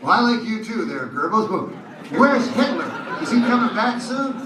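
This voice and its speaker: A man's voice: sits high, sing-song, normal speed, crowd noise, noisy background, pitched above the performer's own voice. A man voicing a devoted male dog who waits anxiously for his master, whiny and pleading. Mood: anxious, overjoyed. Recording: echoey live room heard from far off.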